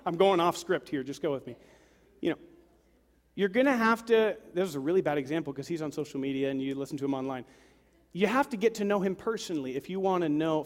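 High-voiced pastor preaching in a reverberant church. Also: male voice. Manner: conversational, joking asides to the congregation. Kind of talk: sermon. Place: church sanctuary with congregation.

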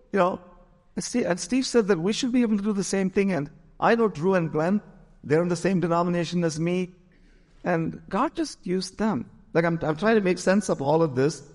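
A man's voice: fairly high pitch, a little mellow, big-room sound. A pastor telling a story in a sermon, acting out the voices of the people he quotes.

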